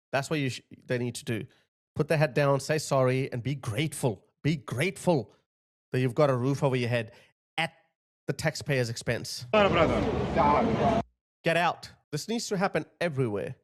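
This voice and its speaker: A man's voice: mid-range voice, normal speed, pauses often, very noisy. A man hosting a commentary channel, talking emphatically and indignantly over video clips.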